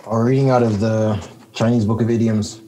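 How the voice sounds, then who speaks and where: A man's voice: on the low side, fairly even intonation, moderate pace, noisy background. A man from Calgary co-hosting a casual hip-hop podcast, laid-back, steering the show with short replies. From Calgary, Canada. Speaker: podcast co-host and rapper. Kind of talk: casual chat.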